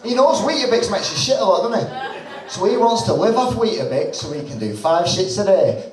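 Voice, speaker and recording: Tipsy stand-up, roomy club. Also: male voice, high voice, expressive, fairly quick, crowd noise. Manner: swearing, chatty, tipsy. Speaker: stand-up comedian. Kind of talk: live stand-up storytelling. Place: comedy club stage. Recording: roomy live club sound from a distance.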